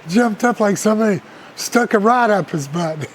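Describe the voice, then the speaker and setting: Older wrestler guy remembering way back, high voice, faint hum behind. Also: expressive, normal speed, rough recording. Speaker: former wrestler. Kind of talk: interview recollection.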